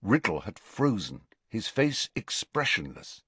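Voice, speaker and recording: A man narrating a storybook, reading in an expressive, unhurried way. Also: fairly low pitch, breathy edge, no room sound. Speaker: audiobook narrator.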